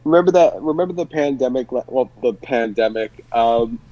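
Young guy, dry mic, deadpan quips in a chat. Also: medium pitch, moderate pace, no room sound, muffled recording. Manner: dry short remarks. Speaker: podcast co-host. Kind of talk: casual chat.

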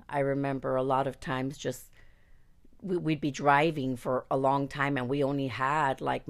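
A woman casually telling a personal story, candid and profane, animated and quick to laugh. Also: very deep voice.

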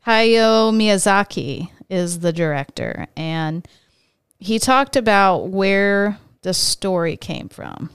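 Chatty young woman, very clear voice. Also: medium pitch, lively intonation, slow pace, no echo, studio quality. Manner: chatty, many "like" fillers. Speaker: podcast co-host. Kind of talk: casual chat, reading quotes.

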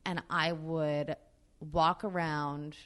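Low-pitched woman guest, frank storyteller, swears freely, many fillers. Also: little pitch movement, very slow, fairly bright tone, clean tone. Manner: profane, filler-heavy, candid. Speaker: actress, interview guest. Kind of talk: casual storytelling in an interview.

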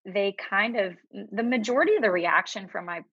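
A woman speaks haltingly and tearfully as a podcast guest. Her voice is mid-pitched and the sound is dry and a little dull. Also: fairly bright tone, husky, no room sound. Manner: tearful, halting, with many fillers and restarts. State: crying at times. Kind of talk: emotional personal conversation.

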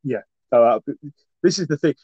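A man's voice: mid-range voice, expressive, moderate pace, a little mellow, breathy edge, no echo. A man co-hosting a casual sports chat, talking with passion and swearing freely. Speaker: podcast co-host. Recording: dull lo-fi dry recording.

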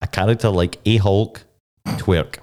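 A young man co-hosting a casual podcast chat, rambling and excitable, full of restarts. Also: fairly low pitch, a little slow. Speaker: podcast co-host. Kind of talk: casual chat reviewing a TV episode.

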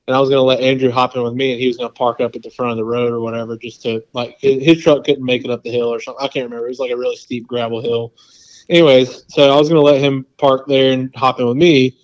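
A man telling a long story in a casual chat, rambling and animated, with lots of "like" and quoted asides. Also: mid-range voice, quick pace, dull audio. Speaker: podcast guest.

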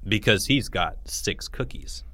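Un hombre haciendo de un niño tranquilo y sensato. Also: male voice, fairly low pitch, animated, unhurried, pushed and bright. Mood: matter-of-fact. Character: calm reasonable fifth-grade boy.

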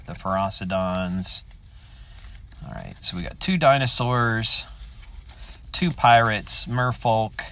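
A man's voice: lowish voice, fairly bright tone. A man hosting his own podcast, thinking aloud in a rambling, enthusiastic way as he chats on his own. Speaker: podcast host. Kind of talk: casual solo chat.

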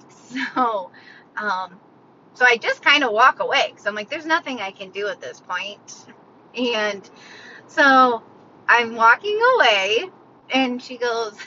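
Woman vlogger, 30s, bright and high, laughs at herself, faint background hum. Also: dull audio. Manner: animated, self-mocking, laughs often. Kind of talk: casual storytelling to viewers.

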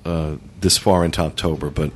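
Man, very low voice, podcast host, casual roundtable chat, laughs a lot. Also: fairly even intonation, brisk, a little hiss or hum. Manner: laughs often, fillers, hosts segments.

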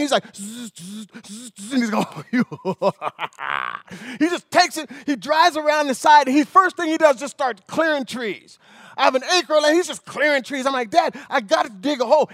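Man, preacher, very high voice, animated rambling storytelling sermon, dry close sound. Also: no room sound.

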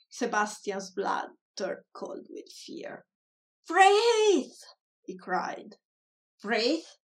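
Slow, soft-spoken woman reading a story. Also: mid-range voice, creaky, distant mic. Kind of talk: reading a children's story aloud.

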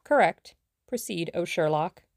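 A woman's voice: lowish voice, lively intonation, a little slow, gravelly, no echo, clean studio sound. A woman doing a lazy teasing young man. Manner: teasing, mock-formal.

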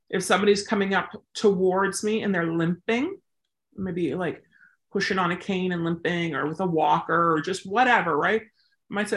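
A woman explains dog training in a relaxed, chatty way. She talks like a hands-on teacher, animated and quick to act out little examples. Her voice sits at an ordinary pitch for a woman. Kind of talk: casual teaching talk.

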